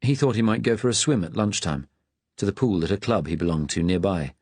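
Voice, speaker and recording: A man reading an audiobook in a measured, even narrating manner. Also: low-pitched, breathy edge, no echo.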